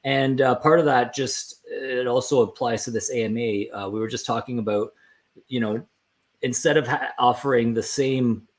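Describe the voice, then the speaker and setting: A man's voice: medium pitch, steady tone, moderate pace. A man, a team member chatting casually on a livestream, friendly and rambling with frequent restarts.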